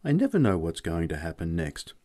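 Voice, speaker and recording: A man's voice: deep voice, huge pitch swings, brisk, darkish tone, heavily acted. A man reading an audiobook and voicing a dry, wry young man close to his own voice.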